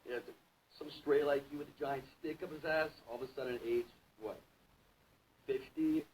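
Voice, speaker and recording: A man's voice: medium pitch, fairly even intonation, normal speed, darkish tone, slight background noise, natural voice, rough recording. An actor in a TV drama clip playing a blunt man who mocks and confronts an older man. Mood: mocking.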